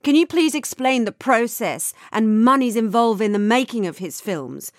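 A woman's voice: a little high, lively intonation, moderate pace, no echo, clean studio sound. A woman doing an attempted South African accent as a stern female dance teacher, reading aloud in a strict, clipped way.

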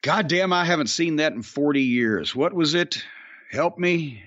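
A man's voice: fairly high pitch, expressive, a little slow, a bit bright, dry recording. Profane, rambling podcast host man. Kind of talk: casual chat. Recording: dry, dull lo-fi sound.

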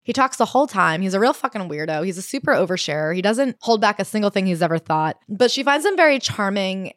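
Fast-talking woman co-host. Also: mid-range voice, dry recording, clean studio sound. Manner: fast, animated retelling with quoted asides. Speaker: podcast co-host. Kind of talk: casual book-recap chat.

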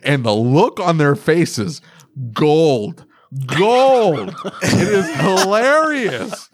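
Lively joking man hosting a podcast. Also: fairly high pitch, takes it slowly, a little hiss or hum. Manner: joking, lively storytelling, laughs while talking. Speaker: podcast host. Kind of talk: casual podcast chat.

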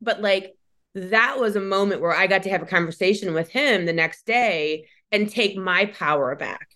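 A podcast host speaking in a mid-pitched voice, recounting a story with animated energy. She tells it with bright bursts of laughter. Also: moderate pace. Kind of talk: casual chat.

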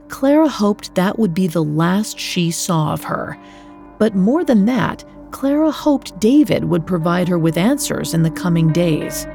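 Mellow-voiced woman narrating true crime. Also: lowish voice. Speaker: podcast narrator.

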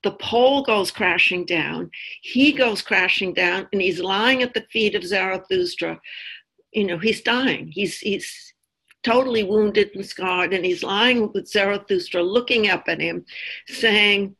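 A woman leading a reflective group discussion, telling stories in a thoughtful, measured way. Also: medium pitch, a bit bright, slightly rough, low-quality recording. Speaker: discussion leader.

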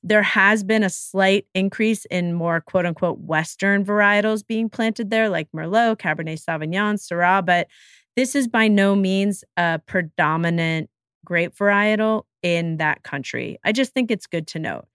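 A woman's voice: medium pitch, unhurried, fairly bright tone, smooth, no echo, studio quality. A woman hosting a podcast, talking casually and with enthusiasm, with self-deprecating asides. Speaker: podcast host. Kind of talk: casual solo podcast talk.

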